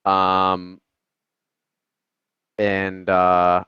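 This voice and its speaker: A man's voice: sits low, completely flat delivery, extremely slow, smooth, no room sound, muffled recording. A man playing a tabletop game, planning moves casually with frequent swearing and hesitation. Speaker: player.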